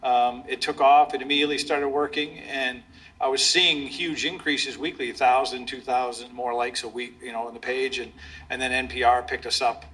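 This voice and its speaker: Husky, forceful middle-aged police storyteller. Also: male voice, medium pitch, fairly even intonation, moderate pace. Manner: rambling, chuckling storyteller. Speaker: police officer, public information officer. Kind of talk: anecdotal storytelling in an interview.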